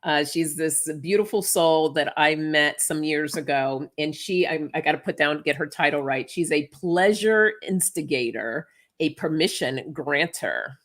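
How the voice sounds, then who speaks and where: Low-voiced woman hosting a chatty livestream. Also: unhurried, hardly any pauses, fairly bright tone. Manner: chatty, laughs often. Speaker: livestream co-host and tarot reader. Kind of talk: casual livestream chat.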